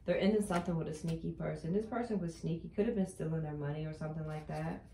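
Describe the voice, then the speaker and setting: Brief: chatty tarot reader, woman with a low voice, emphatic and repetitive, in an echoey room. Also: fast, creaky, dark tone, a little hiss or hum. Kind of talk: casual tarot card reading.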